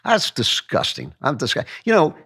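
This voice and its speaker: A man's voice: medium pitch, wildly swooping pitch, normal speed, sharp tone, slightly rough. A male host delivering a sarcastic, emphatic political opinion monologue with mocking asides.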